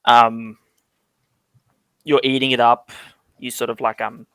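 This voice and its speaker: A man narrating as dungeon master in a rambling way, often pausing to search for words with lots of fillers. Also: medium pitch, level tone, a bit bright, clean tone, dry recording. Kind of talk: narrating a tabletop game.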